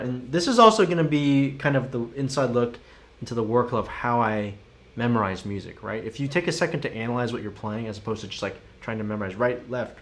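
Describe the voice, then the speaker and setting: A man's voice: medium pitch, a little hiss or hum. A man teaching a live-streamed drum lesson. He talks through rhythms by chanting the sticking in syllables, casually and encouragingly, and chats with viewers.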